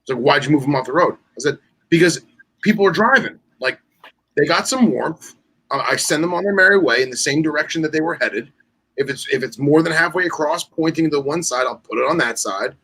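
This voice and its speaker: A podcast co-host with a bright, rather high voice chats casually at a brisk clip, his voice carrying a breathy edge. He's an animated storyteller who acts out quoted dialogue, loose in delivery with plenty of fillers and restarts. The recording quality is rough.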